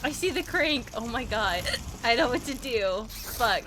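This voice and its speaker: A woman's voice: fairly high pitch, animated, measured pace, noisy background. A tipsy woman streamer chatting casually while playing a game, hiccuping, giggling and swearing often. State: tipsy from drinks. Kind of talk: casual gaming stream chat.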